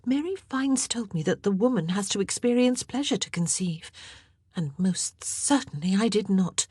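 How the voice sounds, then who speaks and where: A woman voicing a young noblewoman lady-in-waiting, pleading and tearful, in a high, breathless voice for an audiobook. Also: expressive, normal speed, dark tone, slightly rough, no room sound, clean studio sound. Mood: relieved.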